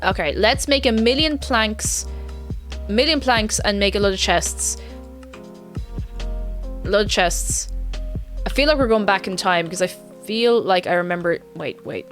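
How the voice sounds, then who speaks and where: A woman's voice: medium pitch, animated, moderate pace, a bit bright, soft background music. A woman chatting casually with her viewers while playing a game, rambling and giggling between asides. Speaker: game streamer. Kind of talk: casual live-stream chat while playing.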